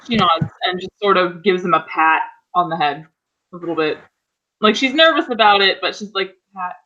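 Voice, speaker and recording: Bright voice on lo-fi call audio. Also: medium pitch, steady tone, normal speed. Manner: rambling, describes character actions with fillers. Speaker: player. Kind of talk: casual role-play narration. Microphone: online voice call.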